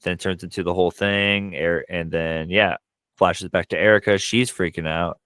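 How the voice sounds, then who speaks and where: A man co-hosting a podcast, casually recapping a horror film with animated bursts, quoted lines and frequent swearing. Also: deep voice, moderate pace, clean tone, no room sound. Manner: frequent profanity. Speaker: podcast co-host. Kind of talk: casual movie recap chat.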